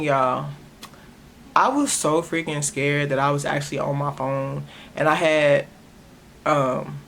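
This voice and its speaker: A man's voice: on the high side, vocal fry, a bit bright, a little hiss or hum. A young man hosting a podcast, earnestly telling a personal story straight to his listeners with many restarts. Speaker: podcast host.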